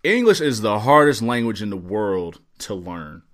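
A man co-hosting a podcast in casual chat, ranting in a profane, excitable way. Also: on the low side, normal speed. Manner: profane, excitable, riffing rants. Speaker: podcast co-host.

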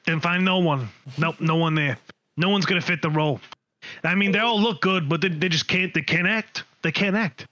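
A man's voice: sits high, normal speed, sharp tone, lo-fi sound. A man voicing a boastful, short-tempered middle-aged male coworker who talks in a pompous, self-important way. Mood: dismissive.

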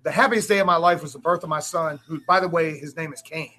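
A man in his forties tells a story to a crowd, emphatic and profane, at times breaking into shouts. His voice sits high for a man and has a bright, forceful edge. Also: fast. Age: 40s. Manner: emphatic storytelling, swears freely, rises to shouts. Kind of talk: impassioned speech to a crowd.

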